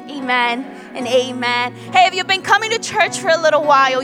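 A young adult woman pastor giving a lively sermon to her church, praying aloud and telling stories. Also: sits high. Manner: lively storytelling, prays aloud. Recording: long hall reverb, faint music.

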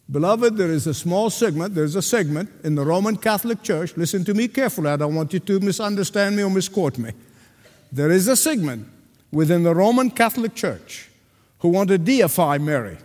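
Male pastor, high voice, preaches with emphatic repetition, long hall reverb behind him. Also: a little mellow. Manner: addresses the congregation directly. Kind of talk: sermon. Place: church sanctuary before a congregation.

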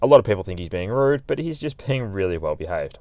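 A man's voice: low-pitched, very animated, quick pace, darkish tone, no echo. A man hosting a podcast, telling a story in a chatty, laid-back way. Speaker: podcast host, dog trainer. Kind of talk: casual storytelling monologue.

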